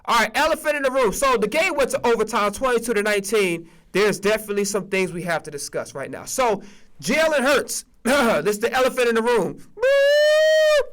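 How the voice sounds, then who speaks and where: A man hosting a sports streaming podcast, ranting in a casual, profane, animated way and repeating himself as he vents. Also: high-pitched, fairly quick.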